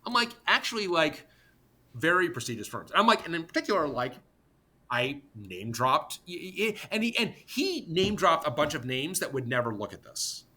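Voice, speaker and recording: A middle-aged man, a podcast guest, telling an animated story in an emphatic, exasperated way, blunt and sometimes profane, talking in rapid bursts full of restarts. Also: on the high side, slightly rough. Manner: talks in rapid bursts with many restarts and fillers. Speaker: podcast guest, tech company co-founder.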